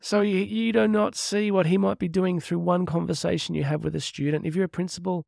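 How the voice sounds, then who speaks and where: A middle-aged man who hosts a podcast and speaks on Catholic topics delivers a casual, heartfelt monologue in an earnest, chatty way, laughing and adding asides. His voice is high, creaky, and a little mellow, with a flat, brisk delivery. The studio-quality recording has no room sound.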